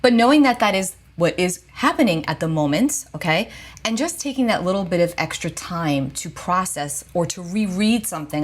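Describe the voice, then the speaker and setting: Low-voiced woman giving calm spiritual advice. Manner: gentle, reassuring, checks in with "okay?". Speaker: astrologer and psychic. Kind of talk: casual spiritual advice talk to camera.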